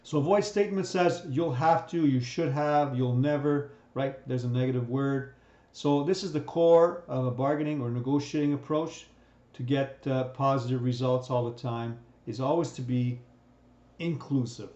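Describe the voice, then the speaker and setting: A man's voice: mid-range voice, moderate pace, darkish tone. A man teaching a recorded lesson in a conversational way, often checking in with "right?" and restarting his sentences. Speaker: instructor. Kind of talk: recorded lecture on communication. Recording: roomy, dull sound.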